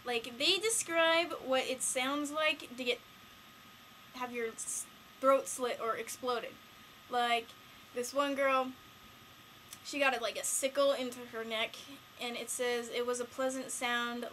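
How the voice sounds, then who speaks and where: Teenage girl, casual vlog chat, rambling, excitable, bright voice, faint hiss. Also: on the high side, unhurried, poor audio. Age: late teens. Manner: rambling, excitable, lots of fillers. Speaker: vlogger.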